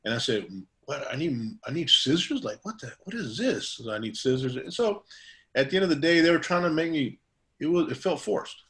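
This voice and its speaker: A man's voice: a little high, animated, fairly quick, fairly bright tone. Rambling middle-aged man telling stories. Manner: rambling, many fillers and restarts; acts out quoted dialogue in a raised voice. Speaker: guest barber. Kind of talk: casual interview storytelling.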